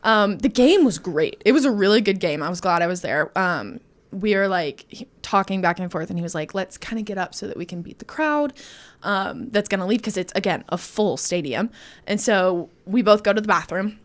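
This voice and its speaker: A woman's voice: mid-range voice, lively intonation, normal speed. A woman co-hosting a podcast, telling a personal story in casual chat, acting out quotes and laughing often.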